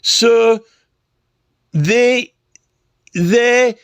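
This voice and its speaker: Rambling sarcastic man, high voice. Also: very slow, fairly bright tone, clean tone, no room sound, studio quality. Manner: rambling, peppered with "you know" and "right?"; sarcastic, mocking. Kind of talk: casual spoken rant.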